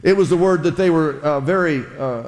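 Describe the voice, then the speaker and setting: A man's voice: on the high side, fairly quick, a little mellow. Man preaching a sermon in a hall. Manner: conversational preaching with audience call-and-response. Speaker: pastor. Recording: long hall reverb.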